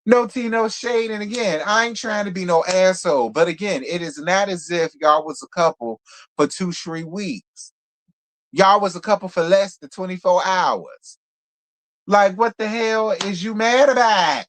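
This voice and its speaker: Man, fairly high voice, sassy, blunt live recap. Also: normal speed, a bit bright. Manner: sassy, blunt, talks straight to viewers. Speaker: reality show reviewer. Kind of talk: live stream recap chat.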